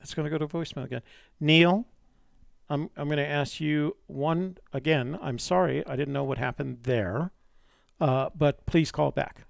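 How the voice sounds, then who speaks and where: A man's voice: fairly high pitch, normal speed, vocal fry, dry recording, studio quality. A man hosting a live-streamed call-in show, talking in a chatty, rambling way with many fillers. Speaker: host.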